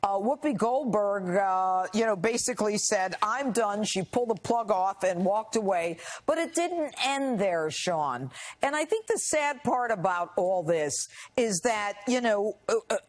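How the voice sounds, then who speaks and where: A woman in her sixties, a guest on a cable news interview, telling her story in an indignant, animated way. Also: mid-range voice, unhurried, hardly any pauses.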